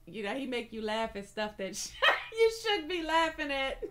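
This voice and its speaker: A woman's voice: high voice, big pitch swings, a little slow, fairly bright tone, a little hiss or hum. A woman hosting a reaction video, chatty and giggly, calling her viewers y'all. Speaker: host of a reaction channel. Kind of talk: casual reaction chat.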